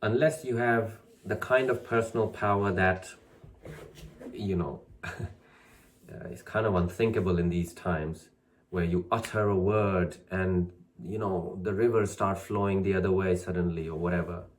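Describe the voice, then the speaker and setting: Low-voiced man repeating affirmations. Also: steady tone, measured pace. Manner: encouraging, repeats affirmations with rising emphasis. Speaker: channel host teaching spiritual practice. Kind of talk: casual spiritual talk.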